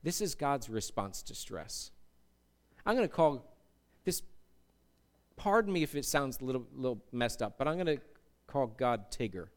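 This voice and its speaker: A man preaching a sermon in an animated way, acting out quotes in put-on voices. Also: mid-range voice, normal speed, pauses often. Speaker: pastor.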